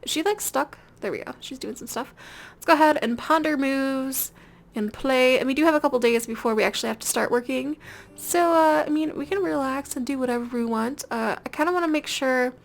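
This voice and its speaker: A young woman with a high-pitched, creaky voice hosts a gameplay video, giving casual let's-play commentary over a life-sim game. She rambles in a chatty, giggly way with lots of fillers.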